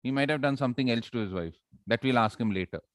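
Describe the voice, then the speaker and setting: In a fast, mid-range voice with no echo, a man teaches a live public speaking workshop, staying lively and playful as he quizzes listeners and demonstrates techniques.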